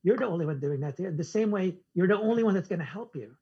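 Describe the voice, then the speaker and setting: A man's voice: sits high, animated, fast, vocal fry, slightly rough, dull audio. A man as a podcast guest, telling a personal story and acting out both sides of the conversation. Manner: acts out conversations in quoted dialogue. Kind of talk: casual storytelling interview.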